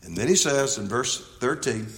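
A man preaching an expository sermon, reading scripture aloud with slow emphasis and then dropping to a quiet, reflective tone. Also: medium pitch, animated. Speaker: pastor. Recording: long hall reverb.

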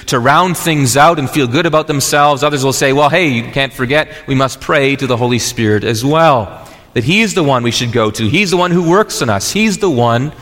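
A man's voice: a little high, fairly bright tone, long reverb tail. A man preaching a sermon as pastor, earnest and explanatory, often restarting phrases.

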